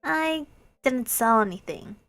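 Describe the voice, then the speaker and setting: A woman's voice: fairly high pitch, expressive, slow pace, vocal fry, fairly bright tone, full character voice. Woman reading as a downcast young shop owner.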